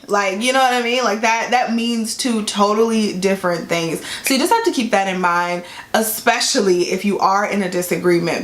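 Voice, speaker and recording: A woman earnestly explaining relationship tips in a casual advice vlog. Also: fairly low pitch. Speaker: vlogger giving relationship advice. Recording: echoey room.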